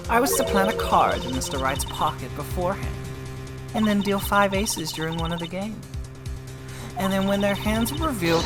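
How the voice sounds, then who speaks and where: A woman's voice: lowish voice, pitched above the performer's own voice, close to an everyday voice. A woman voicing a brash, cocky female card dealer testifying in a game courtroom.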